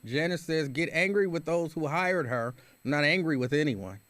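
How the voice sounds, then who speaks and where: A man's voice: on the high side, expressive, moderate pace, a bit bright, dry recording. A man hosting a radio talk show, reading listener comments and giving his opinions in a casual, conversational way. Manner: conversational, opinionated, with frequent restarts.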